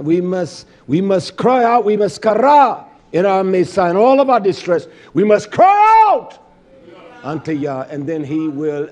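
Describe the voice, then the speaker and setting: A man with a high voice delivers a sermon from his seat. He repeats his phrases in a call-and-response rhythm. His delivery swings from loud, fervent outbursts down to low murmurs. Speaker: preacher. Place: seated while preaching.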